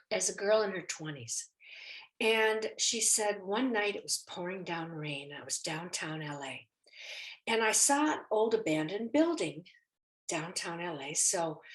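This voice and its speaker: A woman giving a personal faith testimony as a story, acting out the voices of the people in it. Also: mid-range voice. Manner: animated, acts out the people in her story. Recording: echoey room.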